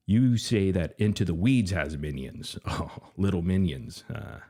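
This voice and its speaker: Sarcastic low-voiced male streamer. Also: dark tone. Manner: mocking, laughs often, sarcastic asides. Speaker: host. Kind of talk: livestream commentary.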